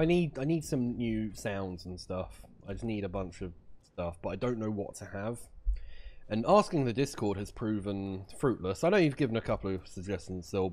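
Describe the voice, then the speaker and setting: A man's voice: fairly low pitch, a little mellow. A man streaming a video game, talking through each move aloud with plenty of swearing and playful silly voices. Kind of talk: live gameplay commentary.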